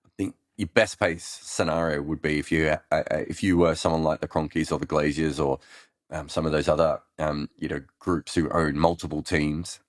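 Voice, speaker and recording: Deep-voiced aussie guy riffing on cricket questions, lots of ums, dry close sound. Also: flat delivery, normal speed, no echo. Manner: rambling, many ums and restarts. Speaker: cricket analyst host answering listener questions. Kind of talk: casual live Q&A chat.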